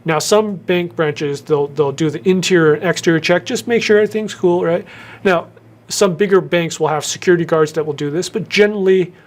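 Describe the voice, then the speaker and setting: A man hosting a career advice video in a casual to-camera talk, who speeds up and then slows down with deliberate pauses and stressed words. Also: fairly high pitch. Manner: shifts tempo, talks fast then slows with pauses and emphasis. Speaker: YouTube host giving career advice.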